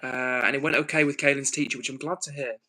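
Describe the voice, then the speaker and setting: A man's voice: mid-range voice, steady tone, fast talker, bright, forceful tone, soft background music, rough recording. A man from the north of England, hosting a casual livestream and reading out viewer messages. He talks earnestly, thinking aloud with frequent ums and restarts. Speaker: livestream host.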